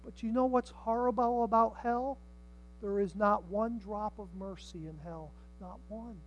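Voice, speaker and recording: An older man preaching a sermon, swinging from hushed tones to shouts and acting out the people in his stories. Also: high-pitched, fairly even intonation, measured pace, highs cut off. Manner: dramatic, swings from hushed to shouting, acts out voices.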